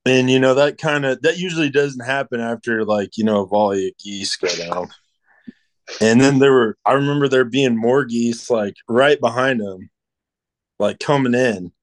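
A man's voice: mid-range voice, moderate pace. Man, hunting buddy, rambling casual storyteller, mid-range voice. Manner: rambling, full of "like" and restarts.

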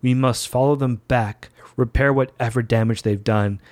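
A man's voice: mid-range voice, steady tone, moderate pace, no room sound, close to an everyday voice. A man doing a stern British starship captain. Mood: commanding. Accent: faux British. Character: stern male starship captain giving orders.

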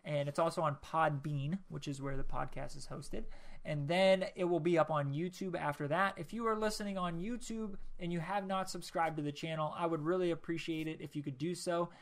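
A man's voice: fairly high pitch, fairly even intonation, fairly quick. A young man hosting his own podcast alone, rambling casually with lots of ums and jokes at his own expense. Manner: rambling and self-deprecating, with many ums. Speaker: podcast host.

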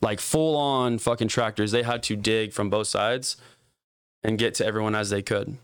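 A man with a smooth, clear voice, recorded dry and close. He tells a story in a casual chat, swearing freely and acting out what people said. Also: fairly low pitch, moderate pace, no room sound. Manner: profane, animated, acts out quotes.

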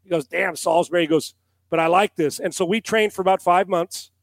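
A man's voice: high-pitched, fairly quick, vocal fry, no room sound. A middle-aged man, a former quarterback and analyst, telling a long story on a podcast, acting out quotes and swearing casually.

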